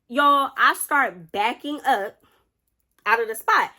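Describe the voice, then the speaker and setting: A young woman vlogger telling a personal story in a chatty, animated way, often speaking straight to her viewers. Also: on the high side, takes it slowly, long pauses. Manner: chatty, animated, keeps addressing viewers directly. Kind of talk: casual storytime narration.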